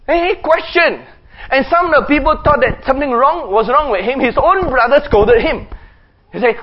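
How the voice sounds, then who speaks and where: A man preacher giving a sermon, telling the story in an animated way with sound effects and chuckles. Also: extremely high pitch, normal speed, dull audio.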